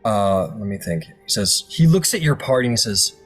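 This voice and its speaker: A man's voice: fairly low pitch, lively intonation, normal speed, faint music behind. A man narrating as game master for a tabletop game, loose and rambling with many fillers.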